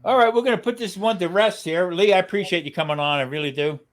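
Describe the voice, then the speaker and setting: Man, podcast host, a bit high-pitched, casual, friendly, filler words. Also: fast.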